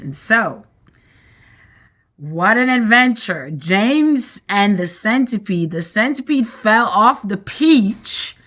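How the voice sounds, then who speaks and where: A woman reading a children's book aloud, expressive and animated. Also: mid-range voice. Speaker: reader.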